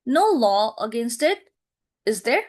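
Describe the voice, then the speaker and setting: A woman's voice: on the high side, sing-song, takes it slowly, darkish tone, exaggerated voice. A woman reading a cool, sarcastic mother. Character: middle-aged mother, cool, incisive and sarcastic.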